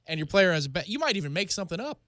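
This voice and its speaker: A man co-hosting a sports talk radio show, chiming in with quick remarks. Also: high-pitched, big pitch swings, sharp tone, no echo, studio quality. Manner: chimes in with quick agreeing remarks. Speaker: radio co-host.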